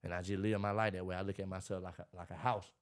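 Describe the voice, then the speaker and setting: A man, talking in a casual interview about his life, animated and preachy, acting out what others say. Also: sits low, rapid-fire. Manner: animated, preachy storytelling with acted-out quotes. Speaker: podcast guest, motivational speaker.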